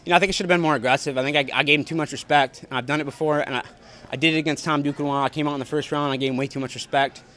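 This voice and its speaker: In an arena's backstage press area, a young male fighter answers reporters after a bout in a post-fight scrum. His voice is on the high side, a bit bright, with fairly even intonation and rapid-fire delivery, and his answers are blunt, profane and repetitive.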